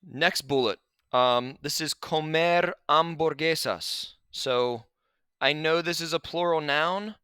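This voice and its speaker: A man teaching a grammar lesson over slides, relaxed and chatty, with asides to his students. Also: on the high side, slow pace, smooth, dry recording. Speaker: Spanish teacher.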